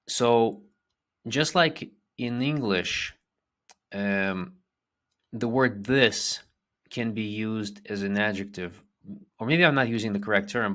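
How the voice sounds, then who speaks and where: Slow-talking man teaching a lesson. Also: on the low side, fairly bright tone. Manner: explains slowly with fillers and restarts. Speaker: language teacher. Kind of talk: lecture.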